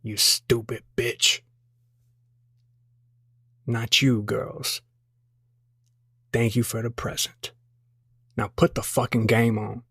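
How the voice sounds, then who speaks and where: A man's voice: medium pitch, level tone, takes it slowly, long pauses, bright, forceful tone, slightly rough, no room sound, clean studio sound, heavily acted. A man voicing a grumpy middle-aged dad who mutters rude insults.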